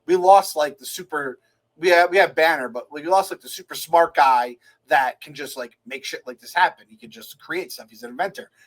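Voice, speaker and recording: A man co-hosting a podcast, excitably acting out his own reactions in a casual movie review chat. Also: a little high, a little fast, low-quality recording. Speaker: podcast co-host.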